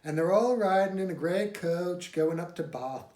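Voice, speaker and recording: A man voicing a blunt, jovial northern English surveyor with a County Durham accent, talking loud and hearty. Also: normal speed, a little hiss or hum, close to an everyday voice. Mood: storytelling. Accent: put-on County Durham English. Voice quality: loud, hearty, raised pitch. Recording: echoey room.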